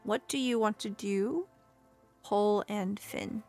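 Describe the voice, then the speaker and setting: A woman's voice: mid-range voice, faint music behind. Woman narrating as a tabletop game master. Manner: quick, lively narration with many fillers.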